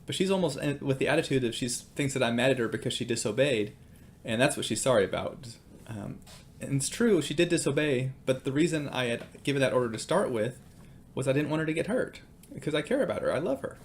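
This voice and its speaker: A man's voice: mid-range voice, animated, fast talker. A man and father giving casual devotional teaching with personal stories, hesitant and full of ums and uhs.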